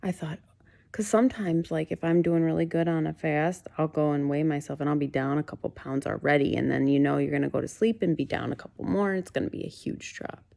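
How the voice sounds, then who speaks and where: A woman's voice: deep voice, fairly even intonation, a little fast, creaky, dark tone. A woman in her late thirties talking candidly in a casual home vlog, venting her frustration. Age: late 30s. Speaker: fasting vlogger. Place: at home, in bed.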